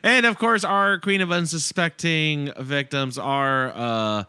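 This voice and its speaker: Bright-voiced podcast host. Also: male voice, on the high side, a little hiss or hum. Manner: playful, rambling, quick to laugh at himself. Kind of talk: casual podcast banter.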